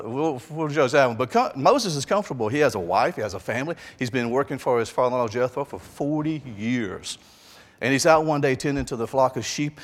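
Chatty pastor in an echoing church. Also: male voice, medium pitch. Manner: conversational, animated, with asides. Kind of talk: sermon. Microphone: lapel mic on jacket. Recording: long church reverb.

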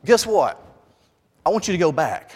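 A man's voice: on the high side, sing-song, moderate pace, a little mellow, slightly rough, big-room sound, pitched above the performer's own voice. A man voicing God in a sermon, with a raised, upbeat delivery. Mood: commanding. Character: God, commanding divine male voice.

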